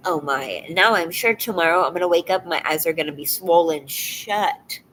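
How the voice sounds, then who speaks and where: Teary soft-spoken woman streamer. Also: fairly low pitch, slight background noise, low-quality recording. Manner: halting, soft, often trailing into a whisper. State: teary and emotional. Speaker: live streamer. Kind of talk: casual live stream chat with viewers.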